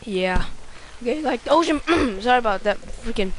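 Excitable swearing let's-play woman, noisy recording. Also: fairly high pitch, moderate pace. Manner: excitable, swears a lot, yells at the game. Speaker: gameplay commentator.

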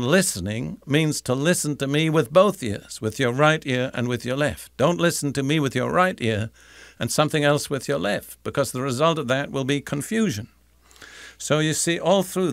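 An older man teaching the Bible in a deliberate, emphatic sermon style, repeating key phrases. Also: medium pitch, fairly bright tone, no echo, clean studio sound.

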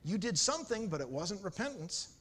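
A male preacher delivers a sermon in a higher-pitched, very lively voice, swinging freely between loud emphasis and quiet asides. A faint hiss of noise sits under the church recording. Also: brisk. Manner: storytelling, dramatic swings in pitch and volume.

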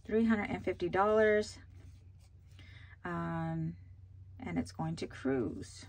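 A woman's voice: mid-range voice, unhurried. A woman hosting a budgeting vlog, chatting casually with many fillers while counting out cash. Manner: bubbly excited exclamations.

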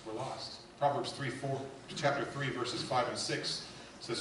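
A male pastor preaching a sermon, swinging between loud emphatic lines and quiet hushed asides. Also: mid-range voice, steady tone, measured pace, crowd noise. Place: church sanctuary. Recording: echoey church hall heard from a distance.

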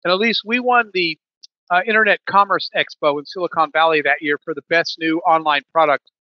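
A man's voice: a little high, a little fast, no echo, highs cut off. A man in a podcast interview, telling a business story with many restarts and fillers. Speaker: podcast guest, business leader.

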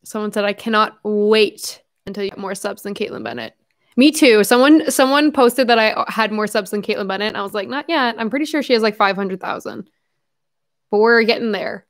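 A woman's voice: mid-range voice, lively intonation, brisk. A young woman hosting her own livestream, chatting casually and rambling with frequent fillers and laughs.

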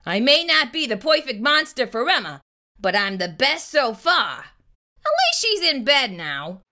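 A woman's voice: high voice, sing-song, unhurried, bright, forceful tone, full character voice. A woman doing a growling hulking monster. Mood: grumbling. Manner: growling, gruff and bossy. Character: hulking grumpy male bedtime monster.

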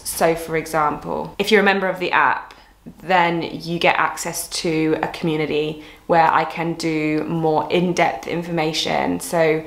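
Young woman coach rambling earnestly to camera, low voice, bit of room echo. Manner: earnest, reflective, rambling with restarts. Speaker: fitness coach and YouTuber. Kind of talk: candid talking-to-camera vlog.

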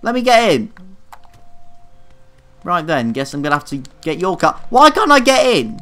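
A man's voice: high-pitched, huge pitch swings, normal speed, bright, forceful tone, faint music behind. A young man commenting casually on his own gameplay, flustered, swearing a lot and mocking himself. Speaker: gaming YouTuber. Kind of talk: casual let's play commentary.

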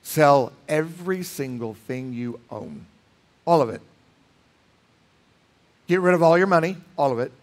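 High-voiced pastor preaching emphatically. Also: male voice, lively intonation, unhurried, pauses often. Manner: emphatic, dramatic swings between loud and hushed. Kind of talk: sermon. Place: church sanctuary.

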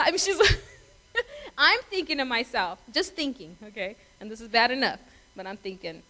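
A middle-aged woman pastor delivers a conversational sermon, telling stories, laughing and putting questions to her congregation. Her high-pitched voice swings widely in pitch and has a sharp edge, her pace is normal, and the recording quality is low.

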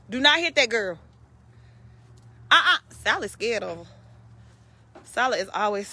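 Woman, high and bright voice, calling farm animals outdoors, scolding. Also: no echo. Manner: scolding animals like naughty kids, calling out loudly. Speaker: vlogger. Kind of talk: casual chat while calling farm animals.

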